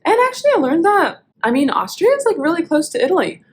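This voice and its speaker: A woman's voice: very high-pitched, very animated, fast, low-quality recording. A young adult woman, an opera singer, hosting a casual vlog and chatting in a rambling way with frequent laughs.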